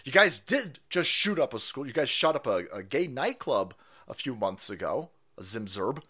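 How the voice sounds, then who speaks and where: A man hosting a stream, ranting in profane political commentary with mocking asides and sudden shouts. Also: medium pitch, very animated, normal speed, slightly rough. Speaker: streamer host.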